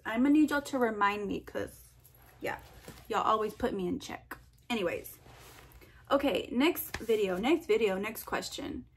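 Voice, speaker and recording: A young woman answering viewer questions in a casual vlog, chatty and animated, full of fillers and quoted asides. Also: mid-range voice, normal speed, slightly rough. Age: young adult. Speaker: vlogger.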